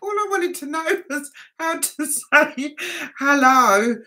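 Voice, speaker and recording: A woman's voice: high voice, expressive, slow pace, pushed and bright. A woman from England hosting a casual livestream chat, reading out viewer comments and giggling often. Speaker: livestream host.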